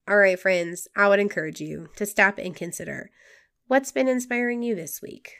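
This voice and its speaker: A woman's voice: mid-range voice, normal speed, vocal fry, fairly bright tone, clear, resonant tone. Nasal woman with a cold, podcast host. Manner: friendly, earnest, addresses listeners as friends. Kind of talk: faith-based podcast talk.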